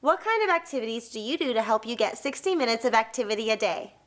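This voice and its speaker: An upbeat woman cheerleader who leads the students through a call-and-response cheer. Her voice is high and bright, and her pitch swings widely as she talks. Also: animated, quick pace.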